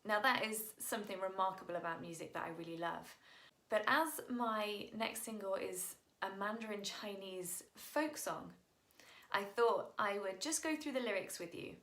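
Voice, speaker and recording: A woman's voice: medium pitch, normal speed, fairly bright tone, roomy sound. A woman singer patiently explaining song lyrics to viewers, in an upbeat manner, sounding out Mandarin tones as she goes.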